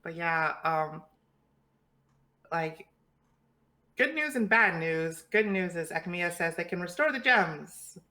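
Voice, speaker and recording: A woman's voice: fairly low pitch, lively intonation, takes it slowly, pauses often, bright, forceful tone. A woman co-hosting a casual book club chat, musing thoughtfully and leaning on filler words.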